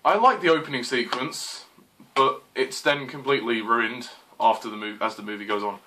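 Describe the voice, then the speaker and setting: A man's voice: mid-range voice, normal speed, sharp tone, slight background noise. A young man reviewing a film in a frustrated, exclaiming rant, swearing and apologizing as he goes. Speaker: movie reviewer. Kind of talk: exasperated movie rant.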